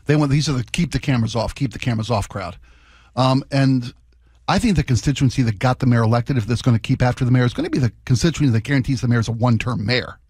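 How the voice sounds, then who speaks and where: A man co-hosting a talk radio show, eager and quick to jump in and finish others' sentences. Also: mid-range voice, darkish tone, slightly rough, dry recording, clean studio sound.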